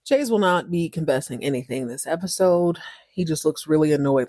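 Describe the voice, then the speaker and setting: A woman's voice: low voice, lively intonation, fairly quick, dark tone, dry recording, clean studio sound. A woman hosting a podcast, recapping a show in a chatty, slangy way and laughing often. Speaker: podcast host.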